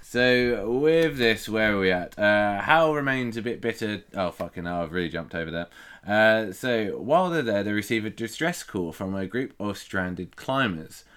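A man with a very low voice chats through a film review, swearing freely and wandering from point to point. His talk is casual and loose, and he laughs often. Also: lively intonation, normal speed, a bit bright, smooth. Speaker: podcast co-host.

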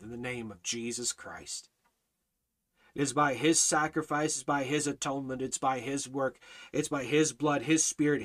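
A man teaching a Bible study in a fiery preaching style, hammering his points with repeated phrases and rising to near shouts. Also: fairly high pitch.

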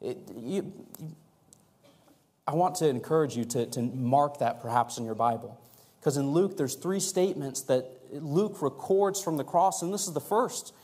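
High-voiced preaching pastor. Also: male voice, normal speed. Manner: earnest preaching, rising and louder for emphasis, asks the congregation to respond. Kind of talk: sermon. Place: church sanctuary.

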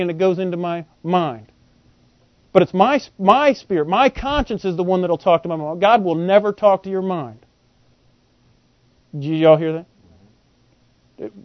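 High-voiced male preacher quizzing his listeners. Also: no echo. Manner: animated, quizzes the audience with rhetorical questions. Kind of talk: Bible teaching sermon. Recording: dull, lo-fi and dry.

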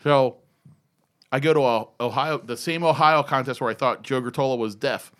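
A man in his fifties telling an excitable, profane story in a casual podcast chat. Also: medium pitch, moderate pace. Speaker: former BMX rider telling a story.

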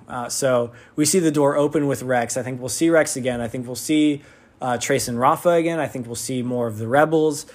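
Male fan reviewer, casual and rambling, mid-pitched voice, eager about the show. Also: fairly even intonation, normal speed. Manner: rambling, full of "like" and restarts; enthusiastic fan. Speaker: TV episode reviewer. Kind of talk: casual spoken episode review.

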